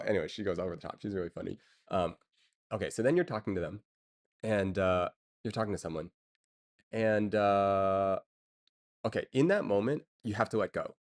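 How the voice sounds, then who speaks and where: A man chats casually on a stream in a slightly low voice. He rambles with many fillers and breaks into chuckles now and then. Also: moderate pace. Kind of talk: casual chat.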